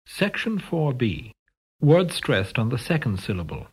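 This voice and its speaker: A man with a slightly husky voice reads out the sections of a pronunciation lesson. His delivery is measured and scripted, and his pitch moves in a lively way as he announces each rule. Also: faint music behind. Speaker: language course narrator. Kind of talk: scripted instructional narration.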